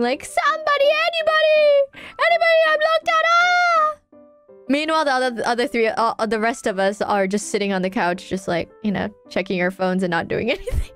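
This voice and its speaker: A woman streamer chatting casually, telling a rambling, giggly story with many restarts. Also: a little high.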